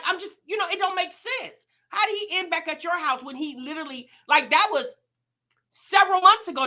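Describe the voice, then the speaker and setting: A woman's voice: extremely high pitch, pushed and bright. A woman hosting a reaction vlog, talking casually to her viewers and firing off rhetorical questions. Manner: chatty, addresses viewers directly, rhetorical questions. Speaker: reaction channel host.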